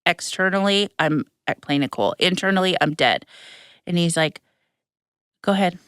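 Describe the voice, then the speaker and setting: A woman hosting a podcast, telling a story in casual chat with lots of fillers and animated turns. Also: lowish voice, moderate pace, clear, resonant tone, no echo, studio quality. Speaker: podcast host.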